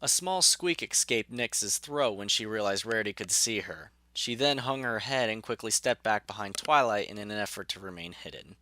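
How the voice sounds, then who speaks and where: A man narrating a fan audio story in a measured, even way. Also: on the low side, dry recording.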